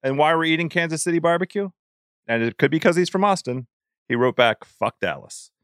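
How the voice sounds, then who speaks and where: A man hosts a casual food podcast in a smooth, clear voice that sits a little high. He talks in an animated way, laughing often and tripping over restarts. The sound is dry and close. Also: fast talker, no echo. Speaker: podcast host.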